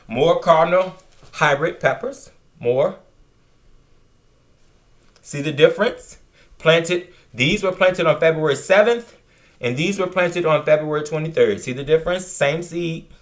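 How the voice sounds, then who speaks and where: A man hosts a casual gardening vlog from a table of seedlings indoors. His voice sits a little high, and he talks with chatty enthusiasm, often turning to speak straight to his viewers. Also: fairly bright tone. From Virginia, USA. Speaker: gardening channel host. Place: indoors at a table of seedlings under grow lights.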